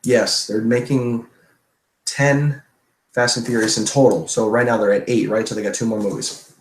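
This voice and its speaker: A man's voice: medium pitch, fairly even intonation, normal speed, roomy sound, poor audio. A man streamer answering viewer questions in a loose, profane, chatty way. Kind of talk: casual livestream Q&A.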